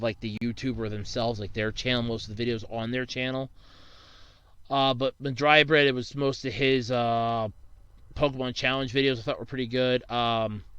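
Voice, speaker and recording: A man's voice: medium pitch, a bit bright, smooth, no room sound, highs cut off. A young man from Pennsylvania, a YouTuber casually answering viewer questions, rambling and swearing freely when he gets worked up. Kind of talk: casual Q&A monologue.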